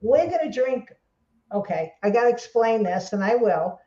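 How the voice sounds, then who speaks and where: A woman's voice: fairly high pitch, lively intonation, moderate pace, dark tone. A middle-aged woman with a New York accent in casual chat, laughing often and jumping between topics. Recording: echoey room, dull lo-fi sound.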